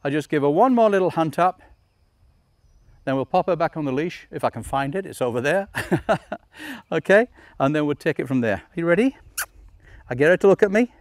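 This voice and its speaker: A man's voice: a little high, normal speed, dry recording, clean studio sound. Coaxing male dog trainer outdoors. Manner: calm, coaxing commands to a dog between explanations. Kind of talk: instructional demonstration. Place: outdoors in a field.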